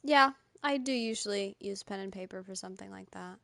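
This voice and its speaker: A woman's voice: medium pitch, a little fast, gravelly, sharp tone, no echo. A young woman streamer chatting casually with her live chat, often laughing. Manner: chatty, giggly, talks to chat.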